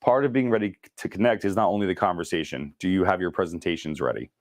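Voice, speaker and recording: A deep-voiced man leads a casual sales training session and talks fast. He jokes and keeps it chatty. His voice sounds dry and close, with little room echo. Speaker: real estate sales trainer.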